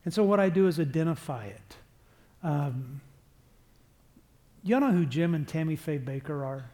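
A man's voice: fairly high pitch, lively intonation, normal speed, mellow. A middle-aged man giving a parenting seminar talk to a live audience, conversational and self-deprecating, acting out quotes. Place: church or seminar hall with audience.

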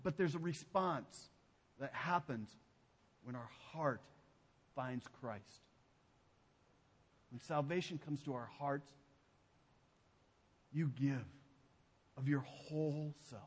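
A man preaching a sermon as pastor. He speaks emphatically and drops to a hushed low voice on key phrases. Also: slow pace, pauses often, breathy edge, big-room sound. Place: church sanctuary.

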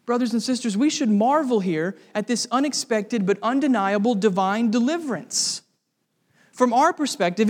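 A man's voice: extremely high pitch, big-room sound. A man preaching an expository sermon, emphatic and posing rhetorical questions to the congregation.

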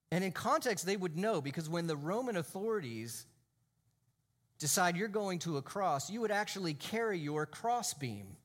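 A man's voice: sits high, animated, normal speed. A male pastor preaching in a church, emphatic, drawing out key phrases and sometimes dropping to a near whisper. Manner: drops to a hushed, almost whispered voice for emphasis. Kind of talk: sermon.

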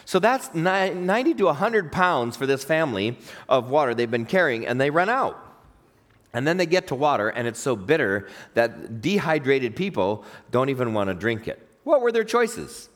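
Lively preaching man in a reverberant hall. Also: mid-range voice, moderate pace. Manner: lively, questions the congregation. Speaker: pastor. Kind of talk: sermon.

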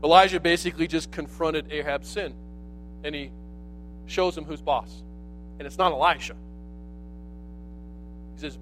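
A man giving a sermon as relaxed, lively storytelling, full of slang and conversational asides. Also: a little high, unhurried, pauses often, slight background noise. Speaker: pastor.

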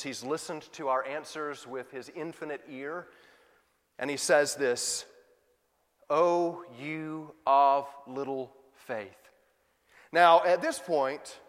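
Pastor guy giving a sermon, voice a bit high, lots of hall echo, gets loud then drops way soft. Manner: dramatic, swings from loud emphasis to soft asides.

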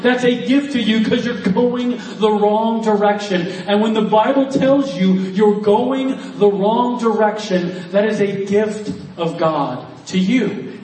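A man's voice: sits high, measured pace, a little mellow. A man preaching an earnest sermon to students, with frequent restarts, in a church hall. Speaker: youth speaker. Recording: echoey room, mic at a distance.

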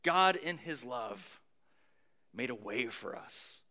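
A man preaching a sermon, moving between booming emphasis and hushed near-whispers, with casual conversational asides. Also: animated, slow pace. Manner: conversational asides with light humor. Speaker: pastor.

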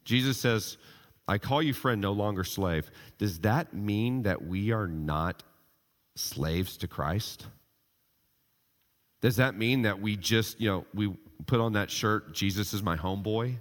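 A man preaching a sermon, animated and full of rhetorical questions, reading scripture aloud in a church. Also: on the low side, unhurried. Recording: long hall reverb.

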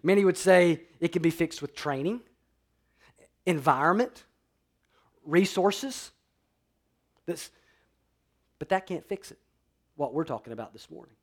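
Man preaching, fairly high voice, dynamic delivery, loud then hushed. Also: animated, measured pace, long pauses. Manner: dynamic preaching, swings from loud emphatic to quiet. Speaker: pastor. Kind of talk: sermon.

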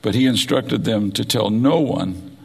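A man's voice: fairly low pitch, measured pace, vocal fry, husky, in a large hall. A man preaching a sermon, reading scripture aloud and explaining it verse by verse. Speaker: pastor.

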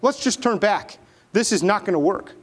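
A man voicing an exasperated young soldier who complains that the plan is pointless, his pitch jumping up as he objects. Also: expressive, moderate pace.

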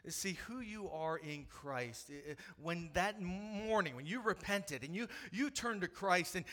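Bright-voiced man preaching a sermon. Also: animated, measured pace, few pauses. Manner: swings from soft hushed lows to loud emphatic peaks; repeats phrases and restarts while preaching. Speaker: pastor.

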